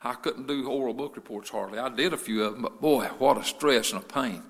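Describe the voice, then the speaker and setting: A male pastor preaching a sermon, moving between quiet storytelling and loud, fervent preaching. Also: mid-range voice, a little fast, in a large hall.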